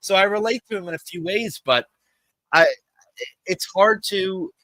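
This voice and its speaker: Bright-voiced, rambling male streamer. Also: sits high, unhurried, no room sound, rough recording. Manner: rambling, profane, emphatic. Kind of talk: casual live-stream rant.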